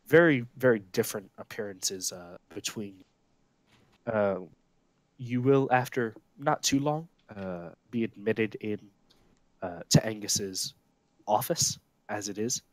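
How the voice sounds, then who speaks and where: A man running a tabletop game as its game master, narrating scenes in a fairly low voice. He halts often and fills the gaps with small filler sounds. The sound is dry and close, with no room around it. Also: no echo. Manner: halting, frequent "uh" fillers.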